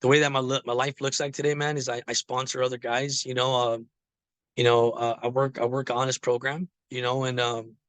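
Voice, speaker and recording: A man's voice: medium pitch, little pitch movement, brisk, a bit bright, dry recording. A man telling his recovery story in a casual, rambling way, with many fillers. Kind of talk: casual personal testimony.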